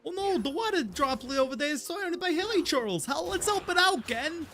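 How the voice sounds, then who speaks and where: A man's voice: very high voice, expressive, fairly quick, sharp tone, pitched above the performer's own voice, full character voice. A man voicing a tiny floating female companion from a game, reading her dialogue aloud in a put-on East Coast, New York-ish accent. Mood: excited.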